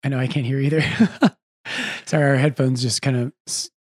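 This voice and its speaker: A man who is a priest and podcast host, chatting casually and with animation, often breaking off to correct himself. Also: mid-range voice. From United States. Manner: animated, quick asides, self-correcting.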